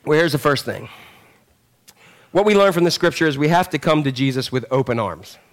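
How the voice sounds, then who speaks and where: This middle-aged pastor preaches fairly quickly in a high, lively voice, calling out to his congregation. His animated sermon swings back and forth between loud and quiet moments.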